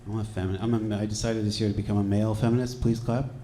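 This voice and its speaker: A man from Georgia doing a stand-up set, wry and deadpan, with throwaway asides. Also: fairly low pitch, fast, very noisy. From Georgia, USA. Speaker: stand-up comedian. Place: comedy club stage. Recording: echoey club with loud crowd laughter. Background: audience laughing.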